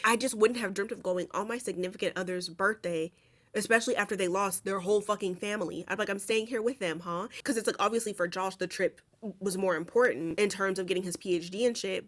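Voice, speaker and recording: Sassy, profane young woman recapping a movie. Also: mid-range voice. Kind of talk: casual movie recap commentary.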